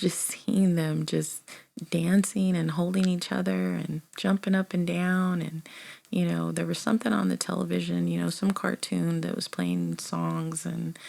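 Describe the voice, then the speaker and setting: Woman in her 30s telling her own story, low gravelly voice, lots of ums, kinda whispery. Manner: conversational, many fillers, soft half-whispered delivery. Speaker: author reading and reflecting on her book. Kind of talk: casual spoken memoir reading.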